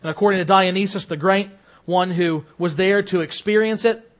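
Male pastor, middle-aged, high-pitched, preaching with rising and falling force. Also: normal speed. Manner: earnest preaching, swelling louder on key lines then dropping low. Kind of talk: sermon.

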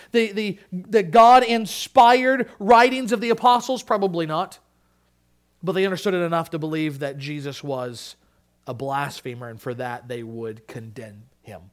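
A male pastor preaching a sermon, moving between loud emphatic peaks and hushed, low asides.

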